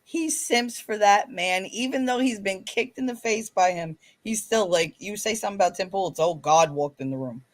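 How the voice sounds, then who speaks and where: A woman's voice: mid-range voice, normal speed, few pauses. A woman in casual chat, blunt and scornful about someone.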